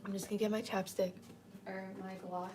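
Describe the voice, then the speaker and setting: A woman's voice: mid-range voice, level tone, fairly quick. A woman chatting casually on a livestream as host, rambling, often dropping to a whisper and giggling.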